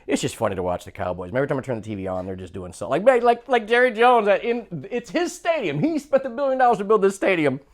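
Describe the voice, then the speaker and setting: A man's voice: high-pitched, expressive, quick pace, few pauses. Male comedy podcast co-host; loose, rambling storyteller who jumps into quoted voices. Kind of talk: casual comedic chat.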